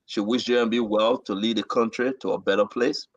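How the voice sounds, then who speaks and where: A man hosting and moderating a call-in talk show, animated and directing callers. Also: lowish voice, fairly quick, muffled recording.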